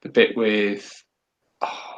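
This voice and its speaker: A man from England co-hosting a casual podcast, talking in a dry, measured way with hesitant ums. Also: on the low side, flat delivery, fairly bright tone, muffled recording. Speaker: podcast co-host.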